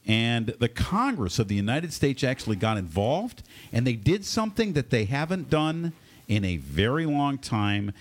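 A man hosting a casual radio talk show from a studio, with animated, filler-heavy patter. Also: medium pitch, brisk.

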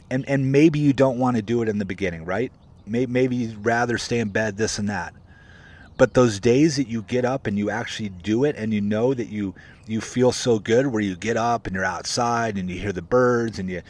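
A man with a mid-range, darkish voice gives a casual motivational talk to his viewers while coaching real estate agents. Conversational and emphatic, he repeats his points, keeps calling his listeners "guys," and greets viewers by name as he goes.

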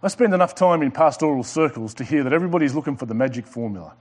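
A man's voice: mid-range voice, animated. A male pastor preaching a sermon with emphatic delivery, repeating and underlining his words. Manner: emphatic preaching with pauses and repetitions.

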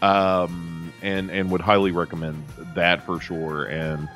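A man's voice: deep voice, little pitch movement, slow pace, fairly bright tone, faint music behind. A man chatting casually on a podcast, rambling with lots of fillers. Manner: rambling, full of fillers and restarts. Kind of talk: casual chat.

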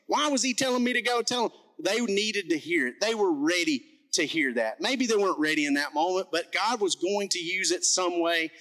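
A man preaching a sermon as pastor, telling a story in an animated, self-mocking way. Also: sits high, rough recording.

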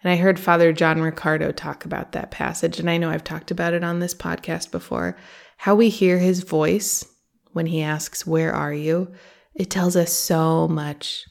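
A woman's voice: deep voice, gravelly. A woman hosting a faith podcast, speaking earnestly and conversationally and reading quotes from a book aloud. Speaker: podcast host. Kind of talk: reflective faith podcast talk.

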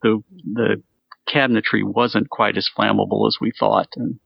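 A man co-hosting a casual chat, telling a home repair story with lively, animated delivery. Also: moderate pace, gravelly, husky, no room sound, lo-fi sound. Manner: animated storyteller, jumps up in pitch acting out his wife.

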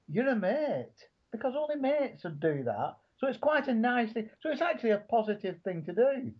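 A woman explains something chattily as a podcast guest. Her pitch moves in a lively way, and the audio is dull and lo-fi.

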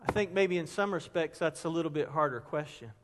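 A middle-aged man preaching a sermon as a pastor, telling stories with energy and dropping to a hush for emphasis. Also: fairly high pitch, fairly quick, a little hiss or hum. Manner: animated storyteller, drops to a hush for emphasis. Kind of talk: sermon with storytelling. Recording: long hall reverb.

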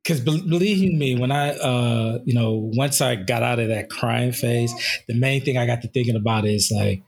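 A man's voice: mid-range voice, normal speed, creaky. A man in his thirties, recovering from an injury, telling a candid story in casual chat with plenty of fillers. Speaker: podcast co-host.

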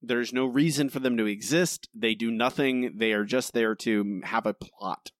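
A man's voice: mid-range voice, moderate pace, no room sound, studio quality. A young man co-hosting a podcast, ranting in a casual, exasperated way and repeating his points. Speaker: podcast co-host.

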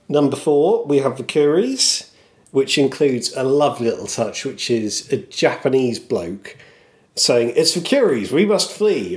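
With a mid-range, somewhat mellow voice, this male podcast co-host moves between casual conversation and a scripted segment. He does put-on voices when quoting lines and laughs at his own jokes.

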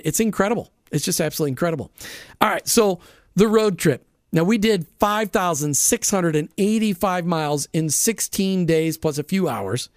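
A man's voice: high-pitched, dry recording, clean studio sound. A man hosting a faith-based radio talk show, chatting casually and enthusiastically with frequent restarts. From Florida. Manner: enthusiastic, folksy, restarts often.

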